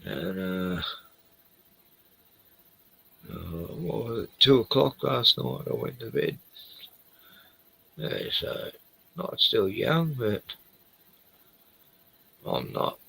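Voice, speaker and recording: A man's voice: lowish voice, sing-song, slow, creaky, pauses often, sharp tone, husky, poor audio. A middle-aged man chatting casually on a late-night stream, tired and rambling, trailing off often and swearing a lot.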